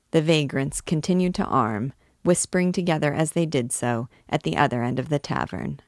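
A woman reading a novel aloud as a guide, in a measured storytelling manner. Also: low-pitched, a little mellow, no room sound, clean studio sound. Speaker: book reader and guide.

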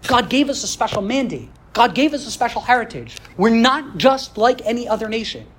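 Teaching Jewish history for a podcast, a woman speaks in a fairly high, sing-song voice at a slightly quick pace. Earnest in tone, she works toward her points with rhetorical questions and sprinkles in Hebrew religious vocabulary. The audio is slightly rough.

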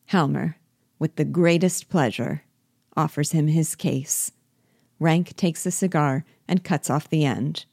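A woman with a low voice reads stage directions aloud in an even, unhurried way. The sound is close and dry, with no room around it. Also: gravelly, breathy edge, no room sound. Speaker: reader, narrator.

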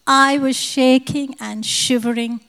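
A woman's voice: high voice, fairly even intonation, takes it slowly, fairly bright tone, clear, resonant tone. Woman telling a testimony in a hall. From India. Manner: vivid storytelling, acting out the dialogue. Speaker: testimony speaker at a prayer conference. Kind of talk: spoken personal testimony.

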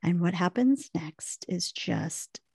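Low, gravelly woman recapping quickly. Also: no echo. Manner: quick, animated retelling. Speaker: podcast co-host recapping a TV episode. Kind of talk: casual recap storytelling.

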